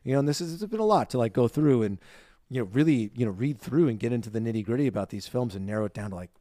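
A man's voice: medium pitch, lively intonation, fast, mellow, no room sound. A man co-hosts a podcast in casual chat, bubbly and playful. His voice sits in a middle register. The sound is dry and close. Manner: bubbly, chatty, jokey. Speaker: podcast co-host.

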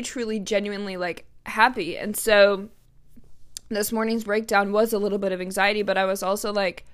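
This is a woman in her twenties speaking alone into her podcast mic. Her voice is smooth and clear at a middle pitch. She talks in an open, emotional, rambling way, filling her sentences with "like". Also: level tone, normal speed. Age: 20s. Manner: chatty, emotional, heavy use of "like". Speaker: podcast host. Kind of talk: candid solo podcast monologue.

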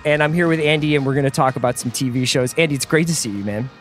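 A man's voice: mid-range voice, quick pace, soft background music. A man from Philadelphia co-hosting a podcast in casual chat, upbeat and rambling with fillers. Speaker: podcast co-host. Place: Los Angeles studio.

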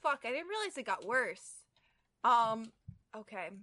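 Podcast co-host, woman: high, animated, bright tone, exasperated laughing reads. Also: a little slow, no room sound. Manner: laughing, exasperated, mock-disgusted. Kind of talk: comedic reading of fan fiction.

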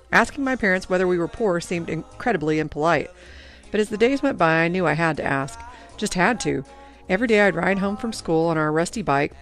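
A woman narrating a first-person story in a reflective, even-paced manner. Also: fairly low pitch. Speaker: audiobook narrator.

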